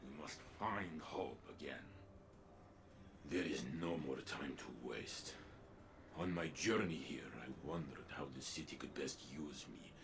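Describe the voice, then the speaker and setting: Saint-14, a deep Russian robot warrior. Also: male voice, vocal fry, background noise, full character voice. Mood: solemn. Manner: slow, solemn, earnest. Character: hulking gentle robot warrior, older male. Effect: staticky tinny robot filter.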